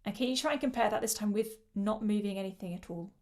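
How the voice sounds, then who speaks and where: A woman coaching singers through breath control in a mid-pitched, ordinary voice. She explains patiently and demonstrates each exercise with shushing sounds. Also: quick pace, darkish tone. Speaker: choral singing coach. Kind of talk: online vocal workshop instruction.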